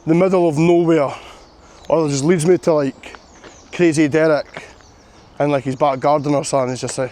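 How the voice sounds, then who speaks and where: A man's voice: fairly high pitch, fairly even intonation, moderate pace, long pauses, warm tone. A man vlogging outdoors on a long walk, sore and worn out, chatty, self-mocking and swearing freely. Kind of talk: walking vlog to camera. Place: outdoors on a coastal path.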